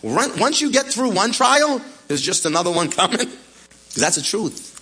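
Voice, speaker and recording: High, bright-voiced preaching man. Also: unhurried, breathy edge. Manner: animated preaching, acting out the apostle's words. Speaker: pastor. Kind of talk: sermon. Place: church.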